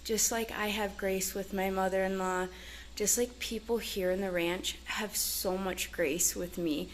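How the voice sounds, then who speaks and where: A woman's voice: mid-range voice, steady tone, unhurried, a little hiss or hum. A woman vlogging casually on her ranch, talking earnestly and chattily with lots of fillers. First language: English. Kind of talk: casual chat to camera. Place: ranch in Mexico.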